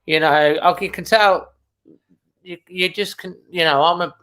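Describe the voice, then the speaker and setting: A middle-aged man hosts a live football fan stream. His voice sits a little high and comes across bright and forward, but his pitch barely moves. He talks casually and emotionally, holding back tears and repeating phrases. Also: steady tone, moderate pace. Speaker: fan channel host. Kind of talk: live match watchalong commentary.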